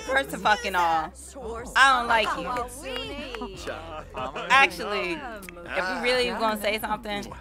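A woman giving casual, profane commentary over a life-sim game, hyping and trash-talking the characters. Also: medium pitch. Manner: profane, playful, dramatic trash talk at the game. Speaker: let's play gamer. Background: game music.

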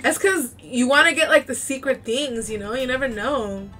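Excitable high-voiced woman gaming. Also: normal speed, a little hiss or hum. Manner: excitable, shrieks and laughs often. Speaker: gamer playing on stream. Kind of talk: casual gaming commentary.

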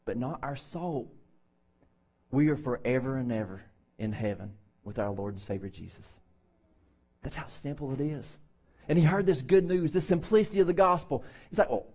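Higher-voiced man preaching conversationally. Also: a little mellow. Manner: conversational, acts out Bible quotes in voices. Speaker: pastor. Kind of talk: sermon.

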